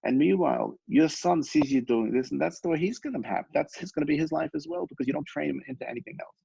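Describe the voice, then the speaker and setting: A man doing a stern, gravelly old sage. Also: on the high side, fast, dark tone, no echo, lo-fi sound, pitched above the performer's own voice, heavily acted. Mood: admonishing. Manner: admonishing, earnest. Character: old sage rabbi, stern but caring.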